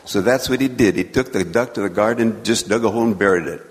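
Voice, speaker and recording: A man telling a children's story in church, a folksy, gently joking storyteller. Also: on the low side, fast. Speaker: children's sermon speaker. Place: church sanctuary. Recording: long church reverb.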